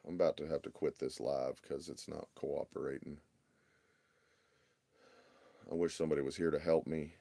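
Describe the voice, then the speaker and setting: A man with a drawl and a very deep, low voice, talking casually on a livestream. He mutters and sounds exasperated, picked up by a phone in his home workshop. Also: steady tone, fast, creaky, warm tone, no echo. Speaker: RC hobby livestream host.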